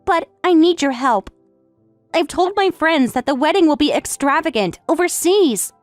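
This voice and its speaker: A woman voicing an entitled young daughter who is about to marry, speaking in a shrill, indignant way. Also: animated, moderate pace, no echo, faint music behind.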